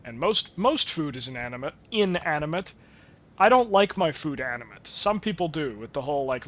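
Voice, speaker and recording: A man's voice: medium pitch, fairly bright tone, a little hiss or hum. A young man with a stuffed-up nose giving rambling, wry, sweary commentary while he streams a game. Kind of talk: casual gameplay commentary.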